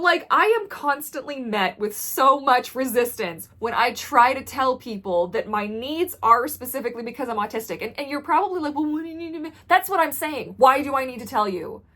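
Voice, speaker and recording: Blunt, intense woman vlogger. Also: mid-range voice. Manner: intense, blunt, trailing off quietly when sad. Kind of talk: candid talk to camera.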